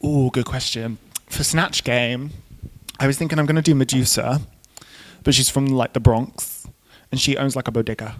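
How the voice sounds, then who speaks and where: A man's voice: mid-range voice, fairly even intonation, normal speed. Camp, chatty man. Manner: camp, chatty, swears freely, full of fillers. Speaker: drag queen guest. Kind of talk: casual interview chat.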